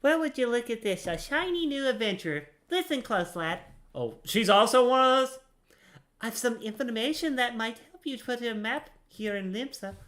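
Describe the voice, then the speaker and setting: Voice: mid-range voice, lively intonation, moderate pace, a bit bright, pitched above the performer's own voice, close to an everyday voice. A gamer voicing a sly, seasoned female adventurer, speaking in a confiding, conspiratorial way.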